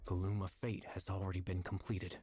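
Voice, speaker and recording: An actor voicing a solemn male narrator in scripted game-trailer narration, grave and measured. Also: sits low, flat delivery, close to an everyday voice. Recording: echoey reverb with music underneath.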